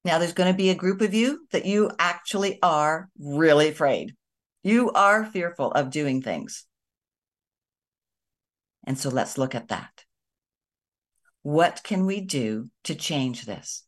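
A woman hosting a show, talking to her viewers in a gentle, conversational way. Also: sits low, animated, takes it slowly, pauses often. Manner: gentle, conversational, with soft emphatic asides. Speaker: host of a kindness and energy show. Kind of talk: reflective spoken talk to viewers.

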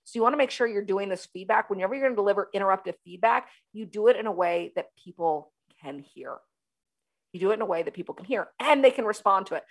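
A woman hosting a leadership talk show, coaching listeners in an emphatic, energetic way and repeating her key phrases. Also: mid-range voice, fast talker. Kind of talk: solo talk show monologue.

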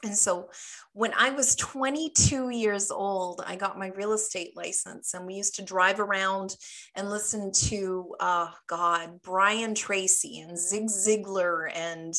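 A middle-aged woman hosting a radio talk show as a business coach, chatting in a lively, storytelling way. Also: mid-range voice, slow. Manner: chatty, animated storytelling with acted quotes.

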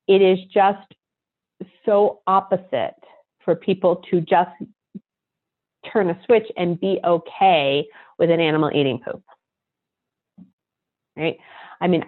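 A middle-aged woman talks her listeners through dog behavior in a chatty, teaching way. Her voice sits a little low, and the sound is thin and phone-like. Now and then she murmurs a set phrase quickly and softly. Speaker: animal behavior consultant. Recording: tinny phone-like line.

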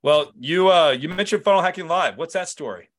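A man hosting a business podcast, talking in a relaxed, chatty way with fillers. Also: a little high, brisk. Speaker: podcast host. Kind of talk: casual interview chat.

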